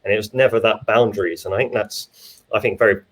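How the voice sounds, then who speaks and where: A man's voice: lowish voice, steady tone, fairly quick. A man, a finance expert and father, chatting in an easygoing way about money. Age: adult with children. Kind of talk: casual video chat.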